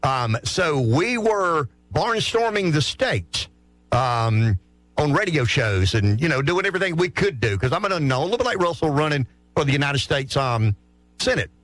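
A man with a rural Southern accent, co-hosting a morning radio show and telling stories in an animated, chatty way. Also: a little high, normal speed, no room sound. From South Carolina. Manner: animated, chatty, acts out voices in his stories. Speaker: radio co-host. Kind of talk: casual radio storytelling.

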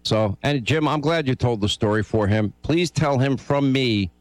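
A male radio talk host speaking with urgency and force as he comments on politics. His voice is mid-pitched and close, with a dry studio sound. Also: normal speed, dry recording.

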